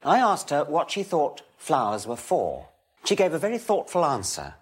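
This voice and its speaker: Dry, measured older male lecturer. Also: on the high side, huge pitch swings, husky. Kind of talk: public science lecture.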